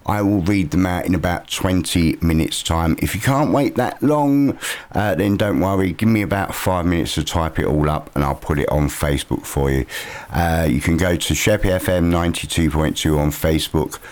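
A very deep-voiced man hosts a morning radio show from the studio. He talks in a relaxed, chatty way, dropping frequent "uh"s as he goes. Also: normal speed. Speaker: radio presenter. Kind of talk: casual local radio chat.

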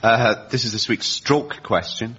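A man's voice: medium pitch, unhurried, a bit bright, a little hiss or hum. A man on a comedy panel, telling a story offhandedly with many ums. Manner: hesitant, offhand comic delivery, many ums. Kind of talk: improvised comic chat. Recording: lo-fi broadcast audio.

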